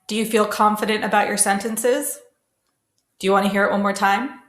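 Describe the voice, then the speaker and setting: A woman teaching a classroom pronunciation lesson, modelling sounds slowly and carefully for students to repeat. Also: mid-range voice, steady tone, a bit bright. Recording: echoey room.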